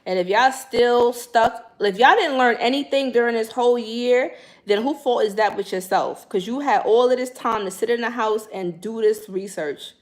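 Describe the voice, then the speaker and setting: A young woman, hosting a casual livestream and chatting in slangy, animated talk straight to her viewers. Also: fairly high pitch, normal speed. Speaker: spiritual livestream host.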